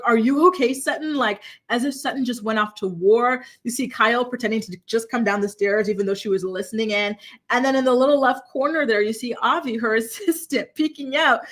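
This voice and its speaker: A woman's voice: on the high side, a bit bright. Sassy woman host dishing gossip. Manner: sassy, blunt, chatty; talks straight to live chat viewers. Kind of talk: casual reality TV recap commentary.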